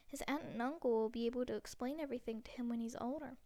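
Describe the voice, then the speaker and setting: A woman voicing a wise old male wizard headmaster, calm, measured and firm, in a storybook reading. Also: a little high, natural voice.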